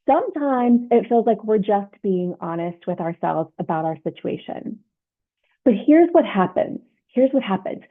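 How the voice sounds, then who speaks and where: A woman leadership coach giving an instructional self-help talk, explaining step by step and often checking in with "right?". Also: mid-range voice. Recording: tinny phone-like sound.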